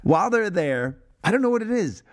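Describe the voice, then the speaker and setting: A man's voice: high voice, big pitch swings, brisk. A man co-hosting a podcast, chatting casually about old films, laughing often and swearing freely as he rambles. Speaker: podcast co-host. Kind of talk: casual film review chat.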